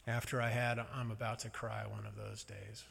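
A man's voice: on the low side, flat delivery, moderate pace, creaky, fairly bright tone, slightly rough. A man preaching a sermon in a conversational, wry and reflective way. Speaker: pastor. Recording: long reverb of a large hall.

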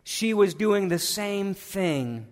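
A man preaching a sermon in a church, swinging from loud urgent appeals to hushed tones. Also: sits high, expressive, slow. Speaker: pastor. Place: church sanctuary. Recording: long hall reverb.

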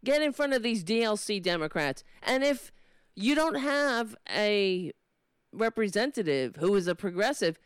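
Female host, New York accent, sardonic then fiery monologue, smooth clear voice, dry close sound. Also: medium pitch, expressive, a little slow, no echo. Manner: sardonic, building to impassioned ranting. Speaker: political commentary host. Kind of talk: monologue commentary.

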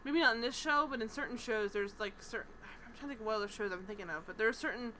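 A woman co-hosting a casual TV recap chat, animated, swearing freely and acting out characters' lines. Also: fairly high pitch, fast talker, slight background noise, low-quality recording. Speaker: podcast co-host.

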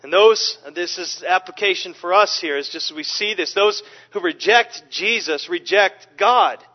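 High-voiced guy preaching verse by verse, emphatic, kinda dull lo-fi audio. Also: measured pace. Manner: animated, emphatic, with frequent restarts. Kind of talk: expository sermon. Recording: dull, lo-fi recording.

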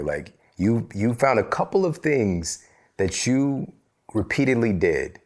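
A man's voice: low voice, a little mellow. A man hosting a podcast and thanking his guest at the close of the interview, in an appreciative manner. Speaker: podcast host. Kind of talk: conversational interview.

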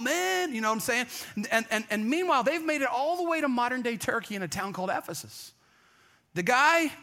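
A pastor delivering a sermon with a high, bright voice. He tells the story casually and with energy, often slipping into quick put-on voices for the people he quotes. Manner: conversational, acts out quoted voices.

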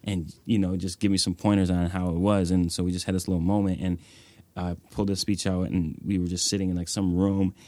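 A young man with a low voice tells stories from his own life in an interview. He speaks earnestly and fills his sentences with "like" and "you know". The recording is close and dry. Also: level tone, a little fast, a little mellow, no room sound. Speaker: nonprofit executive director, guest. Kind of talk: reflective interview storytelling.

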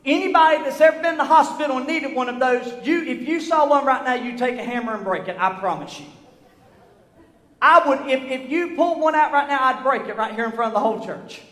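A middle-aged man, preaching a sermon in a church, building from storytelling to fervent shouts. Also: extremely high pitch, fairly quick. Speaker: pastor. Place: church sanctuary. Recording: echoey church hall.

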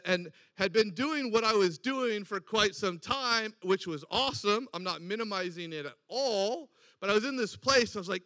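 A man's voice: high voice, pushed and bright, dry recording. A man preaching a sermon, telling a personal story and acting out the voices in it. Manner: storytelling with acted-out quoted dialogue.

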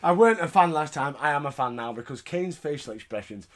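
A man hosting a casual podcast, recapping wrestling in an animated, sweary way with frequent laughter. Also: a little high, quick pace. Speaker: podcast host.

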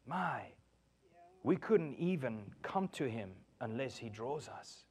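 A man preaching a sermon in an animated way, acting out quotes and laughing often. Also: mid-range voice, normal speed, slightly rough. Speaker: pastor.

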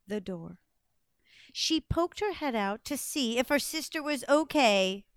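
A woman storyteller telling a fairy tale to listeners, playful and dramatic with pauses for effect. Her voice is high and swings widely in pitch. The sound is dry and close. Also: pushed and bright, dry recording. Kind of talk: animated storytelling to an audience.

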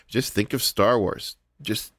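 Halting low-voiced man, dry sound. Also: fairly bright tone, husky, no echo. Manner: halting, stumbling restarts. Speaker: podcast co-host. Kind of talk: casual chat.

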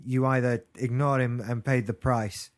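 A man's voice: mid-range voice, fairly even intonation, moderate pace. A British man chatting casually as a podcast co-host, with wry, jokey asides. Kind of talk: casual chat.

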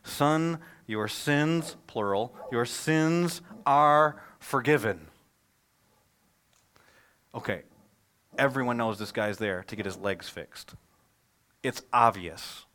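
A man, a pastor, preaching a sermon in a conversational, animated way, telling stories and asking rhetorical questions. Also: on the low side, takes it slowly.

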